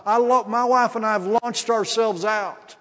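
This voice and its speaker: An older man preaching a sermon, telling a personal testimony in an animated way, often repeating and restarting phrases. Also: high-pitched, measured pace. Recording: long hall reverb.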